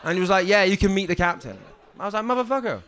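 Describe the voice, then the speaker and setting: Halting, deadpan young man doing stand-up. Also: high-pitched, a little hiss or hum. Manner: deadpan, halting, with frequent ums and restarts. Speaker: stand-up comedian. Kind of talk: stand-up comedy set. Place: comedy club stage.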